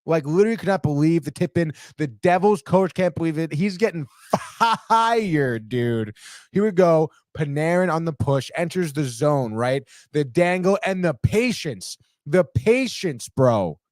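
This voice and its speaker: A man hosting a sports podcast, breaking down game highlights in an excitable, profane way and saying "dude" constantly. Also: normal speed, no room sound, clean studio sound.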